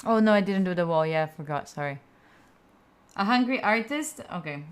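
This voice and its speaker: A young Italian woman hosts a study livestream, her medium-pitched voice smooth, expressive and a little quick. Between work sessions she chats back to viewers, reading their comments in a playful, giggly way.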